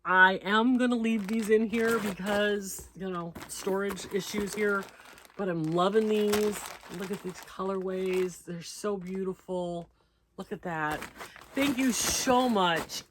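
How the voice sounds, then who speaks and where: A woman crochet vlogger talks in an unhurried, low voice as she unpacks parcels at home. She reads letters out loud and thanks each sender warmly, and a faint background noise sits under the recording. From United States. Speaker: crochet channel host. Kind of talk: casual unboxing chat.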